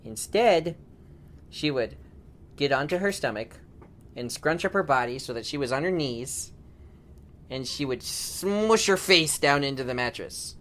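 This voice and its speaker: A father telling a playful bedtime story to his daughter, laughing often and shouting the robbers' lines. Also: mid-range voice, lively intonation, unhurried. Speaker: storyteller dad.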